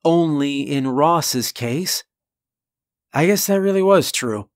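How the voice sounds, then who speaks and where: A man narrating a first-person horror story in a deliberate, earnest manner with dramatic pauses. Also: a little high, expressive, no echo, clean studio sound.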